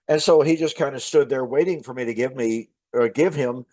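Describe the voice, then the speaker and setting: A man shares a casual story as a minister hosting his show, relaxed and chatty, often pausing on "uh." His voice sits at an ordinary middle pitch. The sound is dry and close, with no room echo. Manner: chatty and relaxed, with frequent "uh" fillers and restarts.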